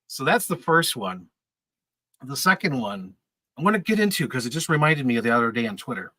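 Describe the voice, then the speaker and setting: A man's voice: mid-range voice, very animated, fairly quick, sharp tone, dry recording, low-quality recording. A man in his thirties telling casual, rambling stories on a podcast, laughing often and swearing freely. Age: 30s. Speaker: podcast regular. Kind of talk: casual storytelling chat.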